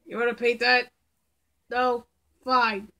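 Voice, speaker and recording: A woman commenting casually on a game she plays with friends, excitable and quick to yell in reaction. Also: on the high side. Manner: excitable, yelps and shouts in reactions. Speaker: gamer.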